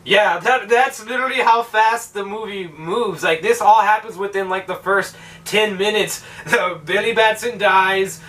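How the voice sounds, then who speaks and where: A young man rambles through a film review with lots of profanity and sarcasm. His voice is high and bright. He sounds a little far from the microphone. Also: steady tone, measured pace, few pauses. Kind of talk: casual film review rant.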